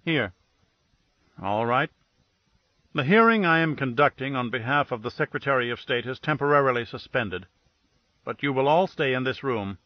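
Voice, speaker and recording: A male narrator voicing a brisk government official giving clipped, officious orders. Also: mid-range voice, expressive, no echo, natural voice. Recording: dull, dry studio read.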